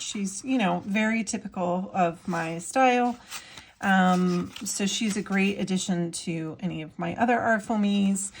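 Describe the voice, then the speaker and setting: A woman in her thirties chats casually in her vlog as she shows off her artwork, bubbly and gushing with plenty of fillers. Her voice is medium-pitched, with slight background noise.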